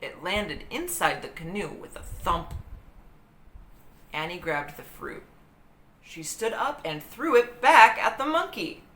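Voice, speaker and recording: A woman reading a children's book aloud in an expressive, dramatic storytelling manner. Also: lowish voice, slow. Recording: roomy echo with faint hiss.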